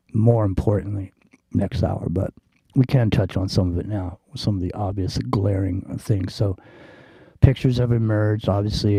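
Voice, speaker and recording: A man's voice: lowish voice, vocal fry, dark tone, slightly rough, no echo. A man hosting a talk radio show, chatting in a laid-back, drawling way. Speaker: radio host. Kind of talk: casual talk radio chat.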